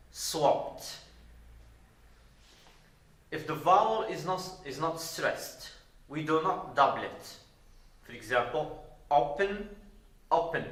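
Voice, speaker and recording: A man from Morocco teaching an English grammar lesson deliberately, repeating words and spelling out verb endings. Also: a little high, fairly bright tone. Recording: roomy echo.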